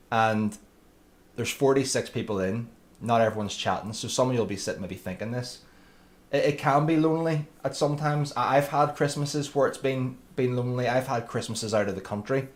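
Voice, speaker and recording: A man commentating his own racing game live and chatting to viewers by name. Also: mid-range voice. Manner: chatty, addresses viewers by name, friendly banter. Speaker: livestreamer.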